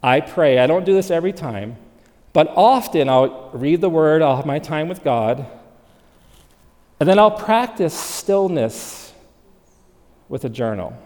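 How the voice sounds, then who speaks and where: Animated male preacher in a reverberant hall. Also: fairly high pitch, measured pace, pauses often. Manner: animated, swings from loud emphasis to hushed softness. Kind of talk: sermon. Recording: long reverb of a large hall.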